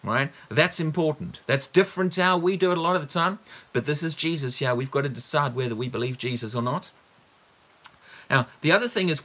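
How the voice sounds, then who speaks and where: A man's voice: on the high side, fairly bright tone. A man preaching a teaching sermon on a Bible passage, emphatic, repeating words for stress and asking the listeners rhetorical questions.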